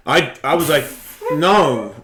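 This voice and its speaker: Male host, raspy-free bright voice, rambling storyteller, echoey studio. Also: mid-range voice, normal speed. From Australia. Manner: rambling, acts out quotes in voices. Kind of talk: casual storytelling chat.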